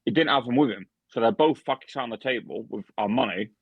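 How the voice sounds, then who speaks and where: A young man with a medium-pitched, slightly rough voice talks quickly, co-hosting a podcast and telling a story in casual chat. He's also a barman, and he swears heavily, restarting often and using lots of fillers. The dry, dull lo-fi podcast mic picks up no room sound.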